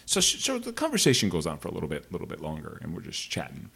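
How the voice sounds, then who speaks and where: Man, deep voice, husky, rambling casual storytelling, vlog monologue. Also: huge pitch swings, fast talker, fairly bright tone. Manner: rambling, digressive, frank.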